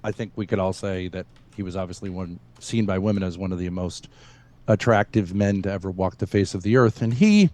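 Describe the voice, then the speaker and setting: A man on a stream panel, making halting, provocative points with many restarts. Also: sits low, warm tone. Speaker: panel guest. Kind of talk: live debate on a stream.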